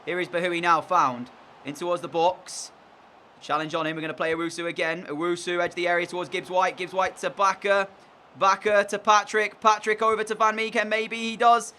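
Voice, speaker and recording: Young guy commentating his game, sarcastic and fed up, kinda high voice. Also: pushed and bright, a little hiss or hum. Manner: exasperated, sarcastic play-by-play. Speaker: gaming commentator.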